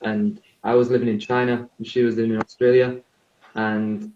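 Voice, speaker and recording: A man's voice: lowish voice, level tone, moderate pace, darkish tone, roomy sound, muffled recording, slight background noise. A man in his twenties with a northeast English accent, chatting easily as a guest on a live video call interview. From northeast England. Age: 20s. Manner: easygoing and chatty, with light laughs. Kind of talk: casual interview chat.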